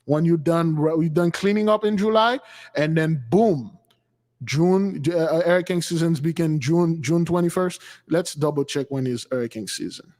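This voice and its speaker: A man's voice: a little high, moderate pace, darkish tone. A man giving an informal sermon-style talk, emphatic and repetitive in how he drives his points home. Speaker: spiritual teacher. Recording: long hall reverb.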